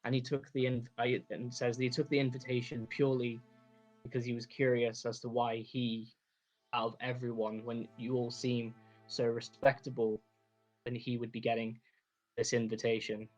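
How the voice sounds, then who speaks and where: Flat-voiced man in a dull recording. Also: mid-range voice, normal speed, faint music behind. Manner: meandering, hesitant. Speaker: player. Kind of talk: describing his character's actions.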